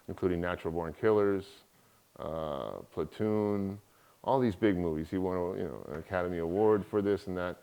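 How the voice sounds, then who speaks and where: A middle-aged man giving a guest lecture, telling an anecdote and acting out the people he quotes. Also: low voice. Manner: animated, acts out quoted voices. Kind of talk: storytelling in a lecture.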